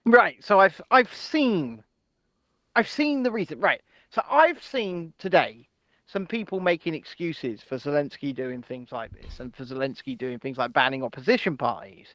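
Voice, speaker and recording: A man co-hosting an irreverent news chat show, loud, jokey and swearing. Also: a little high, lively intonation, moderate pace, dry recording. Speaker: podcast co-host.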